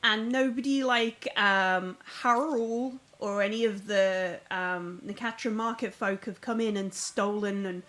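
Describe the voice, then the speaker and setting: A woman's voice: mid-range voice, steady tone, unhurried, hardly any pauses, a bit bright. A woman narrating as game master of a tabletop game from home, describing scenes in a chatty, rambling way. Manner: descriptive, chatty, full of fillers.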